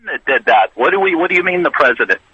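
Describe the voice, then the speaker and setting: A man's voice: on the high side, big pitch swings, quick pace, pushed and bright, husky, no room sound. A man calling in to a radio show, stumbling over his words as he rambles. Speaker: caller. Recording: muffled phone line.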